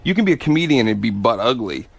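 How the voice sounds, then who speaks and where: A male comedian guest in casual studio chat, joking in a deadpan, boastful way. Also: medium pitch, fast talker, gravelly, slightly rough.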